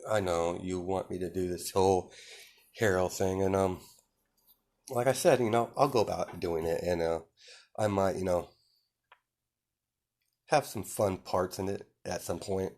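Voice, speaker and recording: A scornful young demon hero, put on by a man telling a fan story, speaks low, soft and flat. His voice sits very deep, and every word drips with cool contempt for the people beneath him. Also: a little slow, long pauses. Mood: dry. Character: haughty cold young male demon-powered hero.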